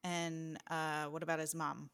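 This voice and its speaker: A woman acting as game master, calmly asking a player relaxed questions about her character. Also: deep voice, a little slow, clear, resonant tone. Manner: relaxed, asks gentle questions. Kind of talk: easygoing game-master prep talk.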